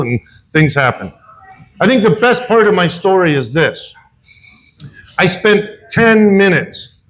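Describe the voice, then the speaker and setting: An older man on a bar comedy stage, telling a rambling story that pokes fun at himself. His voice sits a touch higher than most men's, with plenty of stumbles and restarts. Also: fairly bright tone, poor audio. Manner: self-deprecating, rambling with repeats and restarts. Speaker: stand-up comic. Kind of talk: stand-up storytelling.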